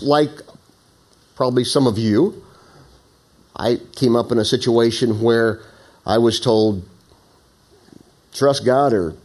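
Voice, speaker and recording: A middle-aged man preaching a sermon, telling a story and reading scripture, dropping to hushed low lines and rising to loud, high emphasis. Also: husky. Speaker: pastor.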